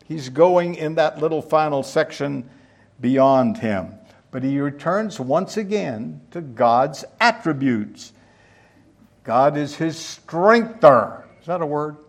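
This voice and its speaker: A man's voice: a little high, animated, slow pace. A man preaching a sermon, teaching verse by verse and putting questions to his listeners. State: out of breath.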